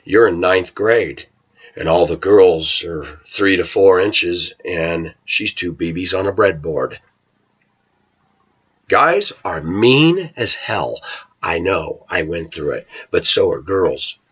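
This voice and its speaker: A man's voice: low voice, animated, slow pace, a bit bright, slightly rough. A middle-aged man talking to his viewers in a rambling, opinionated monologue. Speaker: vlogger. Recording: dull lo-fi recording.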